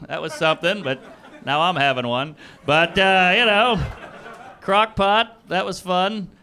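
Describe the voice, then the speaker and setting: A man's high, sharp-toned voice, a little slow, carries an improvised stand-up set in a comedy club. Taking suggestions from the live audience, he riffs crudely at speed and chuckles at his own jokes.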